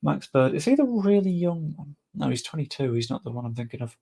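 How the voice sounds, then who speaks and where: Young guy, gravelly voice, mutters casual game commentary, swears offhand. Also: on the high side, sing-song, fairly quick, dark tone. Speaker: gaming streamer.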